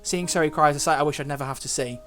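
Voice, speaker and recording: A man's voice: fairly high pitch, very fast. A young man hosting a let's play, reading a visual novel aloud and reacting in a chatty, fretting way. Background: soft game music.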